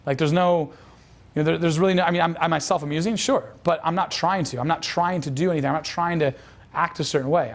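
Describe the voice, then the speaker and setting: A man telling a dating coach's story as a lesson, casual and profane, with lots of fillers. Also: on the high side. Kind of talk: instructional storytelling.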